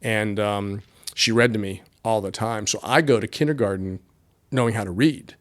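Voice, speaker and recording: Man, low voice, middle-aged, guest on a podcast, rambling with lots of fillers. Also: normal speed. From Appalachian Pennsylvania. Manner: rambling, many fillers and restarts. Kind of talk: casual interview storytelling.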